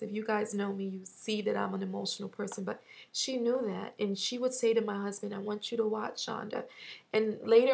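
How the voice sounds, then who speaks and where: A woman in her thirties talking through a personal loss in a vlog, halting and heartfelt, close to tears at times. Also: medium pitch, gravelly. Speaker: vlogger.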